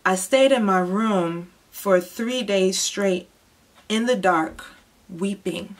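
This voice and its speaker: A young woman giving an emotional personal testimony, moving between hushed, heavy moments and impassioned outbursts. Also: mid-range voice, takes it slowly. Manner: intense, swings from hushed to impassioned. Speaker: testimony speaker.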